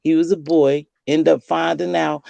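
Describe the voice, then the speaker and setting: A woman in her sixties hosting a casual late-night chat, telling lively stories and acting out the voices she quotes. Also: low-pitched, normal speed, vocal fry, no echo, lo-fi sound. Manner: lively storyteller who acts out quoted voices. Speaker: host.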